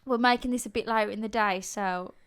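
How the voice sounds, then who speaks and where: A woman's voice: medium pitch, fairly even intonation, fast, fairly bright tone, slight background noise. A young woman co-hosting a casual chat podcast with a friend, playful and giggly, recorded at a desk microphone in a room. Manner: giggly, playful, trying silly accents. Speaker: podcast co-host. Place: indoor room at a table.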